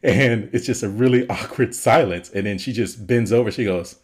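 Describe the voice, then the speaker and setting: Low-voiced man recapping a movie. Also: moderate pace. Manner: retells scenes with frequent laughter. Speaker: podcast co-host. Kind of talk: casual film review chat.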